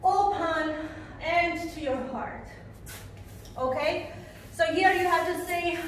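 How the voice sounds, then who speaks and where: A woman's voice: extremely high pitch, takes it slowly, long pauses, distant mic, slight background noise. A woman teaching a belly dance routine, counting beats aloud and singing the melody in syllables as she demonstrates, recorded in a studio. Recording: roomy echo, voice from off-mic.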